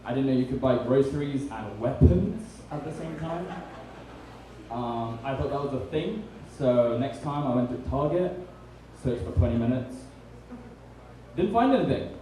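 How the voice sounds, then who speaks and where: A young man with a British accent delivers stand-up in a mellow, darker tone, dry and self-deprecating with many ums. He sounds distant from the mic in a very echoey room, with faint background noise. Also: mid-range voice, lively intonation, moderate pace. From Britain. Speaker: stand-up comedian. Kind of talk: stand-up comedy set. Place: comedy bar stage.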